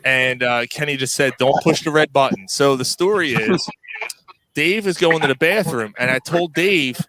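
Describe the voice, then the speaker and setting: A man's voice: fairly high pitch, moderate pace, sharp tone, no room sound. Rambling man telling a story. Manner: rambling, laughing storyteller with many restarts. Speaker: podcast host. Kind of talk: casual storytelling chat.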